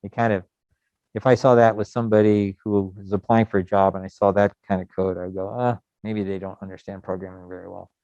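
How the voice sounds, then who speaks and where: Male coding instructor, middle-aged, deep mellow voice, loose and rambling delivery, dry lo-fi recording. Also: brisk, no echo. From United States. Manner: relaxed, rambling, many fillers. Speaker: programming instructor. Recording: dull lo-fi sound.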